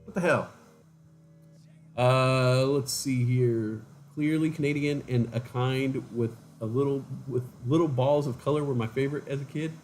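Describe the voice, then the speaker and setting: A man's voice: medium pitch, steady tone, unhurried, a little mellow, soft background music. A man casually chatting to viewers on a livestream, telling rambling stories and mimicking other people's voices. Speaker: livestream host.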